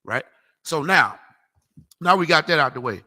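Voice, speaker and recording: A man preaching in a loose, slangy style, emphatic and animated as he calls for scripture to be read. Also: a little high, normal speed. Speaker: street preacher teaching a class. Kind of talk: preaching lecture.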